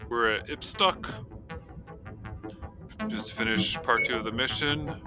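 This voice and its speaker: A man giving casual, excitable gameplay commentary with many fillers. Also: mid-range voice, slow pace. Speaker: gameplay video creator. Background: loud game music.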